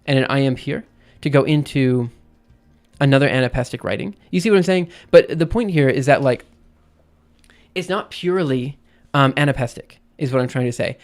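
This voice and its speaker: A man's voice: medium pitch, moderate pace. A man on a live stream explaining poetic meter in a casual way, thinking aloud with many fillers and restarts. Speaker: streamer teaching poetry meter.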